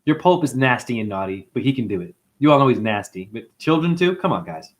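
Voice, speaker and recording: Here a livestream host talks quickly in a mid-range voice. Rambling and worked up, he tells stories, reacts to comments, and doesn't hold back on the swearing.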